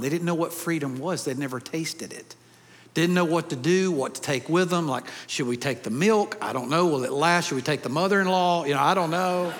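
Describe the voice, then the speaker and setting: A man's voice: fairly high pitch, a bit bright, in a large hall. A man preaching a sermon to a congregation, with a conversational manner and joking asides. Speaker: pastor. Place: large church hall.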